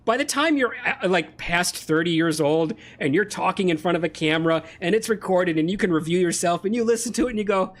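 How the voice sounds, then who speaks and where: An animated game streamer talks casually to viewers while playing. The delivery is ranting and chatty, broken up by frequent laughs. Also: mid-range voice, brisk, few pauses.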